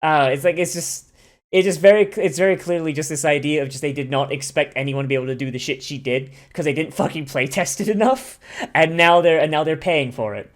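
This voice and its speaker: Brief: casual anime reaction host, mid-pitched, enthusiastic, swears a lot, loose rambling delivery. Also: fairly quick. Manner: profane, enthusiastic, rambling with many restarts. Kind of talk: casual watch-along commentary.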